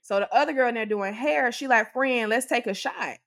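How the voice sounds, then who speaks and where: A woman co-hosting a podcast, telling an animated, exasperated story and acting out what others said. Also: a little high, normal speed. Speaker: podcast co-host. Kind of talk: casual storytelling to a co-host.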